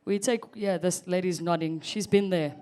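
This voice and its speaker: A woman's voice: on the low side, fairly even intonation, normal speed, mellow, slight background noise. A South African woman in her thirties performing a chatty stand-up set, teasing the audience. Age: 30s. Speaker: stand-up comedian.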